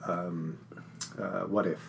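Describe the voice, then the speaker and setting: A man's voice: low voice, little pitch movement, creaky, a little hiss or hum. A man in his fifties co-hosting a podcast, chatting casually and joking with a playful manner. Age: 50s. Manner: playful, joking, quick to laugh. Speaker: podcast co-host. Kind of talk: casual chat.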